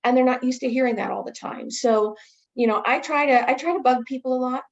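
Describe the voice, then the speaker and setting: A woman training others in infection prevention, answering a webinar question as an enthusiastic, animated storyteller. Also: high voice, fairly quick, highs cut off.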